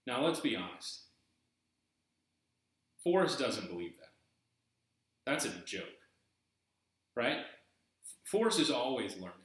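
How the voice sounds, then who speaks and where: A man's voice: mid-range voice, sing-song, takes it slowly, pauses often, a bit bright. Rambling Southern man in an echoey room. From eastern North Carolina. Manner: rambling, with many fillers and restarts. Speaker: YouTube host. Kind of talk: casual vlog commentary.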